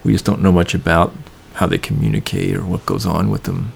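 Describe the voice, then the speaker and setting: A man's voice: low-pitched, little pitch movement, fairly quick, vocal fry, slight background noise. A man co-hosting a casual radio chat, musing thoughtfully and answering with short murmurs.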